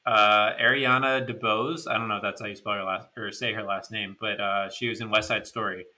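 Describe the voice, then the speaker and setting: A man's voice: on the low side, steady tone, a little fast, bright, forceful tone. A man co-hosting a podcast, chatting casually with laid-back, dry wisecracks. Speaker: podcast co-host. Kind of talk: casual sports chat.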